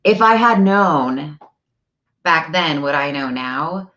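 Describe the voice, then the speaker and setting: A woman's voice: sits low, takes it slowly, muffled recording. A woman in her forties chatting casually and animatedly as a vlog host at home, telling family stories. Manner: animated storyteller. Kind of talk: casual live-stream chat. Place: home, indoors.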